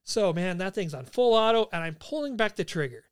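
A man in his forties, a podcast host and army veteran, telling a story casually among old friends, animated and swearing freely. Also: high-pitched, fairly quick, clean tone.

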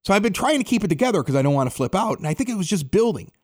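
A man hosting a podcast, telling stories in an excitable, animated way and acting out both sides of conversations. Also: high voice, racing. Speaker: podcast host. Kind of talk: casual storytelling chat.

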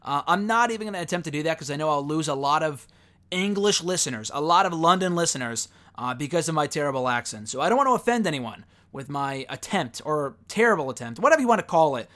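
A man's voice: fairly high pitch, expressive, fast talker, a bit bright. An American man hosting a podcast, talking in an upbeat, chatty way. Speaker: podcast host. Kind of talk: casual podcast intro and interview.

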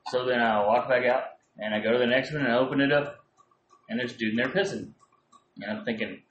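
A man's voice: medium pitch, steady tone, quick pace, a bit bright. Crude joking man, echoey room. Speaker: co-host of a live video chat. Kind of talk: casual profane banter. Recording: roomy echo with faint noise.

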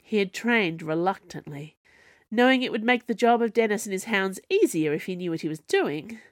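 A woman reading her own serialised fiction aloud, in a measured storytelling manner. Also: medium pitch, sing-song, no echo, clean studio sound. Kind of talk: scripted narration.

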